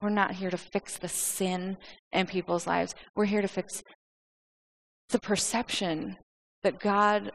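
A woman preaches in a loose, conversational manner. She speaks at a medium pitch, restarts often and repeats words as she goes. The delivery is animated and informal. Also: low-quality recording. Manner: animated, conversational, acts out quoted speech. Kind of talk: informal sermon.

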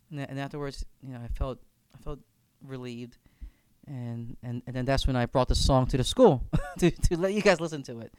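A man's voice: mid-range voice, brisk, clear, resonant tone, no echo. A man leading a reflective faith discussion as campus minister, speaking earnestly and often repeating words as he thinks aloud.

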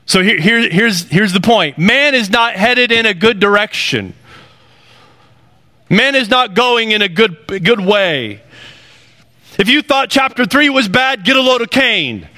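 A man's voice: high voice, expressive, a little slow, bright, forceful tone. A man preaching a sermon in an earnest, conversational way, building emphasis with rising phrases. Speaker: pastor.

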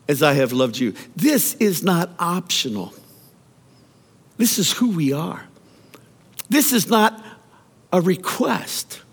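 Male pastor, high and very animated, mid-sermon storyteller; long hall reverb. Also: slightly rough. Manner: animated storytelling preacher with repeated words.

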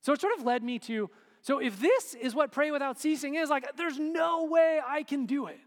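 A man preaching a sermon to a congregation in a relaxed, conversational way, full of fillers. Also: very high voice, normal speed. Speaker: pastor. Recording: hall reverb.

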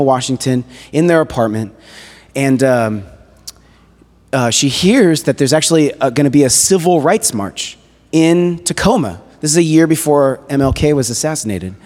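A man giving a sermon as a guest preacher, retelling a story in a conversational, animated way with casual fillers. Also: on the high side. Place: church hall. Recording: echoey hall reverb.

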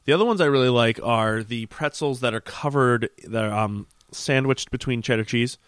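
A young man co-hosting a podcast, eager and a little scattered, often hunting for the right word. His mid-pitched voice is dry and close to the mic. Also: moderate pace, a bit bright, clean tone, no echo. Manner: enthusiastic, searches for words. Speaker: podcast co-host. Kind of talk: casual chat.

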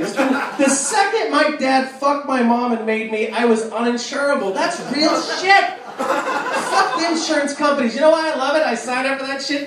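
A man doing a live stand-up set, ranting loudly and profanely on a club stage while the audience laughs. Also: extremely high pitch, noisy background. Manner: loud, profane, ranting delivery. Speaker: stand-up comedian. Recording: echoey club recording from a distance. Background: audience ambience and laughter.

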